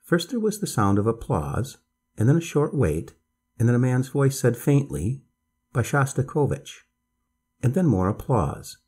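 Man, storyteller, bedtime story narration, husky, lively melodic delivery. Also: medium pitch, normal speed.

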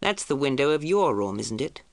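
A woman's voice: very deep voice, big pitch swings, moderate pace, vocal fry, no room sound, exaggerated voice. Storybook figure: commanding older male colonel, firm delivery, read by a woman.

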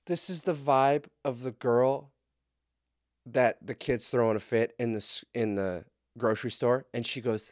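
A man hosting a podcast, ranting bluntly and profanely with heated swings into loud outbursts. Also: medium pitch, measured pace, no room sound, clean studio sound. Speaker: podcast host. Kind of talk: casual podcast rant.

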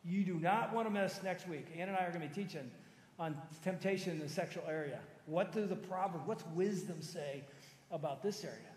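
A man in his fifties, a pastor preaching a sermon in a conversational, animated storytelling manner. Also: sits high, a little fast. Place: large church auditorium. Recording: echoey church hall with long reverb.

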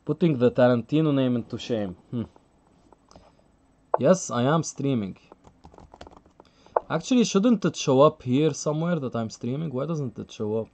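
A man's voice: mid-range voice, lively intonation, moderate pace, long pauses, warm tone, highs cut off. Chatty man commentating a chess stream. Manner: chatty, laughs often, thinks aloud with many fillers. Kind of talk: live stream commentary, reading chat.

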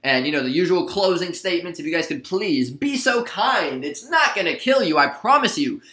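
Chatty man with a bright, echoey voice. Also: high-pitched, moderate pace. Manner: chatty, relaxed, many fillers and asides. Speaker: stock trading video host. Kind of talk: casual screen-share trade recap.

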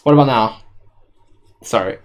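A man's voice: medium pitch, normal speed, slight background noise. A young man streaming a video game, chatting casually and laughing with a friend while fussing over audio levels. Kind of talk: casual gaming chat. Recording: game music playing under the voice. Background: game music.

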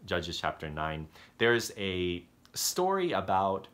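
A man preaching a conversational sermon as pastor, halting and restarting often, and acting out the voices of story characters. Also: low voice, very animated, a bit bright. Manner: halting, self-correcting delivery that acts out story characters.

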